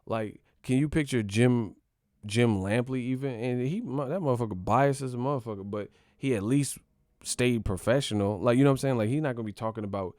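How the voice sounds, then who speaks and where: A man's voice: medium pitch, brisk, a little mellow, no room sound, clean studio sound. A man hosting a boxing channel, ranting casually with profane, mocking, slang-heavy talk. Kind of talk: casual rant to camera.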